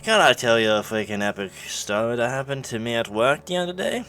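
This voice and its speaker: A man's voice: medium pitch, animated, brisk, bright, forceful tone. A man putting on an eager American flirt. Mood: overeager. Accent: American, put on. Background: background music.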